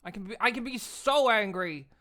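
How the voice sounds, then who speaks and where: Bright, giggly woman streamer. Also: mid-range voice, animated, moderate pace. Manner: playful, giggly, hamming up expressions. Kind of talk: casual livestream chat.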